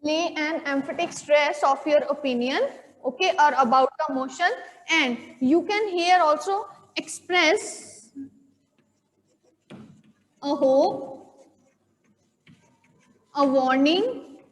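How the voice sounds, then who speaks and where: High-voiced Indian woman teaching in a hall. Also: slow, long pauses. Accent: Indian English. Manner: explains step by step, repeats key points, checks with "okay?". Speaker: school English teacher. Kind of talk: classroom lecture. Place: classroom.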